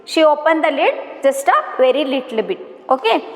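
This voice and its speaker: High-voiced teacher, echoey room. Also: female voice, big pitch swings, normal speed. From India. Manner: hesitant, many fillers, repeats and rephrases. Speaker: English teacher. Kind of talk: explaining a story text line by line. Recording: echoey room with long reverb.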